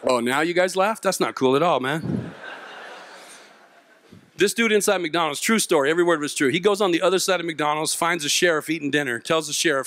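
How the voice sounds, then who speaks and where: A man with a fairly high speaking voice tells a comic story on stage to a live audience. He is animated and self-mocking, and he acts out the voices of the people in his tale. The sound is dry and close. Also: a little fast, no echo. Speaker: youth mentor and speaker.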